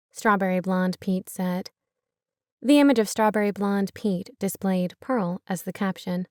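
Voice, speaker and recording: A woman's voice: mid-range voice, fairly even intonation, measured pace, a little mellow, no room sound. Woman reading a story, dry close sound. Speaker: narrator. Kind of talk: audiobook narration.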